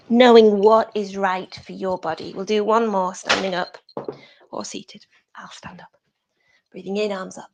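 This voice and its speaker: A British woman teaching a yoga class over a video call, giving soft breathy cues that often drop to a whisper. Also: medium pitch. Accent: British English.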